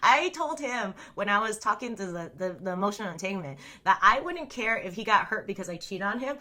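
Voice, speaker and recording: A woman's voice: medium pitch, lively intonation, brisk, bright, forceful tone. A woman chatting candidly and casually, telling stories to her viewers with frequent laughter and many fillers. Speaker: streamer and storyteller. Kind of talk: casual unfiltered storytelling chat.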